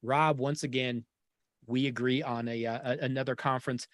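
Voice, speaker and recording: A man hosting a sports talk show, talking in an animated, opinionated and jokey way. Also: mid-range voice, normal speed, no room sound, studio quality. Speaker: podcast host.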